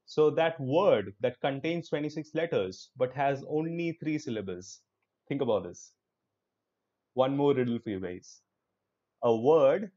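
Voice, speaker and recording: Upbeat Indian English teacher, lo-fi audio. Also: male voice, mid-range voice, a little mellow. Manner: upbeat, encouraging, mixes Hindi into English. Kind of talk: live online class.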